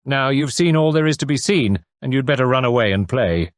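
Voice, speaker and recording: A man voicing a brisk, cheerful family doctor in an audiobook, talking breezily. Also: mid-range voice, lively intonation, dry recording, studio quality, voice pushed up, lightly acted.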